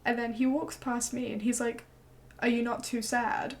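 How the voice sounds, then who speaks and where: Young woman, high voice, animated rant, swears a lot, acts out quotes. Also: moderate pace. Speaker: streamer. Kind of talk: casual storytelling chat.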